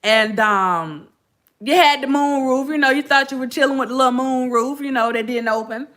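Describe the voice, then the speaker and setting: A middle-aged woman chats through old stories and keeps calling out to her listeners. Her voice sits a little high and rings bright. She laughs easily as she talks. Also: normal speed. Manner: chatty, laughing, addresses listeners as y'all. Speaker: podcast host. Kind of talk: casual storytelling to viewers.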